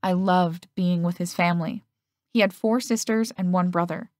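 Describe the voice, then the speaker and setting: A woman narrating a first-person romance audiobook in a steady storytelling manner. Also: lowish voice, moderate pace, dry recording, studio quality.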